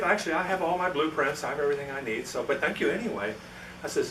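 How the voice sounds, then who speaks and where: A man's voice: on the high side, racing, a bit bright, a little hiss or hum. A man giving a storytelling talk to a club meeting, acting out the voices of the people in his anecdote. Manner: anecdotal, acts out quoted dialogue. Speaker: guest presenter at a club meeting. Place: meeting room. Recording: echoey room, mic from far off.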